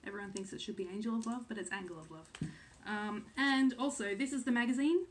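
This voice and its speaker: This Australian woman in her thirties has a voice on the high side and talks quickly. She's a cross-stitch vlogger chatting casually to the camera, filling her speech with "um"s and second-guessing herself.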